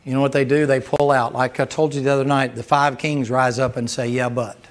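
A man's voice: medium pitch, flat delivery, brisk. A man preaching a sermon in a folksy, storytelling manner. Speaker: guest preacher.

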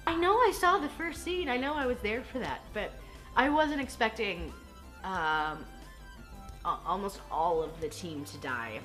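A woman's voice: mid-range voice, lively intonation, unhurried, over music. A young woman casually recapping a film she just watched, chatty and self-deprecating, often giggling and acting out lines. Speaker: film reaction host. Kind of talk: casual movie recap chat.

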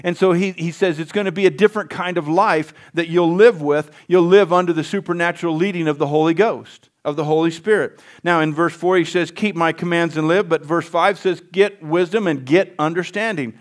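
A man's voice: fairly high pitch, steady tone, brisk, few pauses. A male pastor preaching a sermon in a folksy way, often calling out to the congregation for a response.

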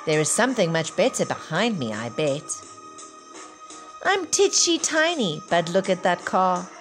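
A small, frightened storybook boy begs in a high, pleading voice, played by a woman reading aloud. Clear music runs beneath the reading. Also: sing-song, measured pace. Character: small scared little boy on a bike.

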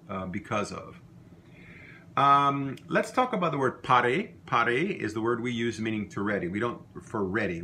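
A middle-aged man gives a recorded language lesson, saying each word more than once so learners can copy it. His voice sits fairly low but has a bright, forceful edge. A faint hiss of noise runs under the recording. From Louisiana. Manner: repeats words slowly for learners to copy. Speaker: language teacher.

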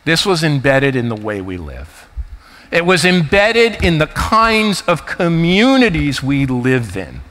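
Keynote speaker, man in his 50s, New Jersey accent, high bright voice, hall reverb. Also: unhurried. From United States. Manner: animated, anecdotal, emphatic. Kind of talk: keynote talk.

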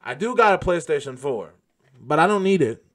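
A man hosting a gaming channel, chatting casually and yelling profanely at the game as he plays. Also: fairly high pitch, big pitch swings, normal speed. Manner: loose, profane, laughs and yells at the game. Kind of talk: casual gameplay commentary.

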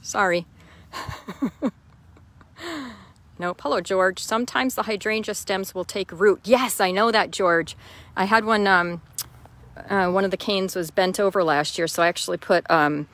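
A woman's voice: on the low side, fairly bright tone. A chatty woman hosts a casual live stream outside in her chicken yard. She greets viewers by name, answers their questions, and talks into a phone she holds as she walks around. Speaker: host.

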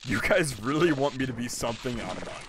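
A man's voice: mid-range voice, lively intonation, brisk, noisy background. A young man streaming a video game, rambling and joking with casual commentary, swearing and laughing often.

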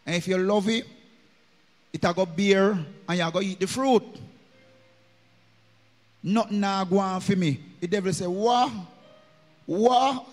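A high-pitched Jamaican man preaching in a church, chanting and half-singing his phrases in patois. His voice rings through a long-echoing hall with faint music underneath. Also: a little slow, long pauses. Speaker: minister. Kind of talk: sermon.

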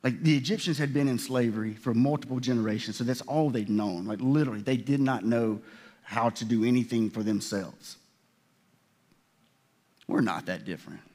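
A man's voice: medium pitch, normal speed, a little mellow. A man pastor giving a conversational sermon, often restarting his sentences and acting out what God and people say. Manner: conversational preaching with many restarts and voiced quotes.

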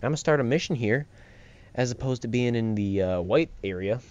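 A young man hosts a let's play, rambling and joking through the gameplay and laughing often. His medium-pitched voice is expressive, a little fast, a little mellow and clean, captured on a slightly dull home mic with game music behind him.

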